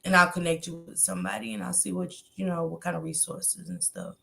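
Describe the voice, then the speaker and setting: A woman with a lowish, fairly even voice and vocal fry talks fast while hosting a relaxed livestream. She reads her viewers' comments aloud and banters with them in salty slang, cursing freely and laughing often.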